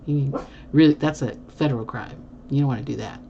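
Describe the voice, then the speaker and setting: A woman's voice: a bass voice, brisk, gravelly, mellow, dull audio, a little hiss or hum. A woman chatting casually with viewers on a livestream, rambling with many fillers, teasing and laughing often. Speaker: livestream host. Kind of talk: casual chat answering viewer comments.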